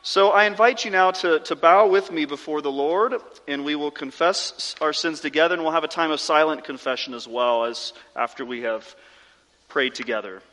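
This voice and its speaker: A pastor preaching a sermon and then leading his congregation in a slow, measured confession prayer, speaking with earnest conviction. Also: a little high, fairly bright tone. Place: church sanctuary. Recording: long reverb of a large room.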